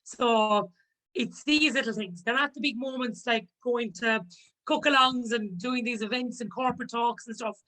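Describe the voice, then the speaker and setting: A woman's voice: fairly high pitch, normal speed, pushed and bright, rough recording. A woman, a podcast guest talking openly and earnestly in casual chat.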